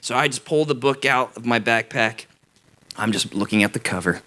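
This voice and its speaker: A man preaching a youth sermon, telling a self-mocking story in an animated way before turning to the lesson. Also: mid-range voice, moderate pace. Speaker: youth pastor.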